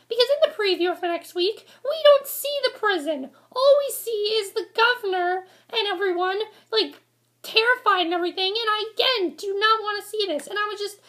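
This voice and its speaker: This is a woman with a strikingly high voice, talking straight to her viewers in a casual review rant. Her tone is bright and forceful. She sounds exasperated and rambles, repeating the same complaints again and again. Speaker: vlogger reviewing a TV episode. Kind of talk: casual ranting review to camera.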